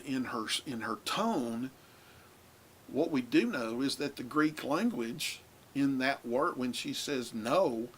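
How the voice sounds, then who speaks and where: A man teaching a recorded lesson on Bible translation, talking in a halting way with many filler pauses. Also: medium pitch, a bit bright, a little hiss or hum.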